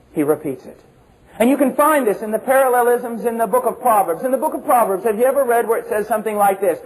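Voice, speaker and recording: High-voiced impassioned male preacher. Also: low-quality recording. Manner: impassioned, emphatic, swings between shouting and hushed low tones; rhetorical questions and repetition. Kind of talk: sermon.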